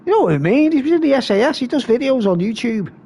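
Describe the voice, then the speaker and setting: A man's voice: extremely high pitch, big pitch swings, fast talker, warm tone, slight background noise. A man hosting a live stream, rambling casually and reading comments aloud.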